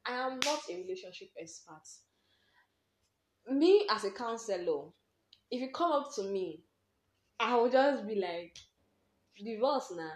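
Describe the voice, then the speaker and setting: A young Nigerian woman hosting a podcast, candidly telling personal stories with lively slang and laughter. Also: fairly high pitch, measured pace, long pauses, reverberant. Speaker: podcast host. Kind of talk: personal storytelling monologue.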